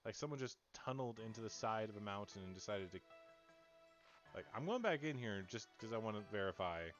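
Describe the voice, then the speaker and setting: A man's voice: lowish voice, animated, brisk, fairly bright tone, muffled recording, faint music behind. A young adult man giving casual, joking commentary on a game he is playing, rambling and talking to his chat. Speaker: let's play streamer.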